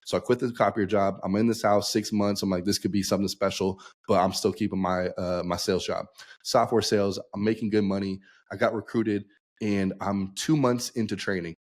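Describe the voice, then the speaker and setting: A man's voice: fairly low pitch, fairly even intonation, brisk. A young man, a podcast guest, telling his story casually and acting out the dialogue he quotes. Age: young adult.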